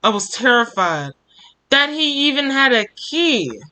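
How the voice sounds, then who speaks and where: A man's voice: very high voice, sing-song, measured pace, bright, forceful tone, clean tone. A young man reading a fan fiction story aloud for his channel, emotional, often stopping to comment and sigh. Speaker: storytime YouTuber.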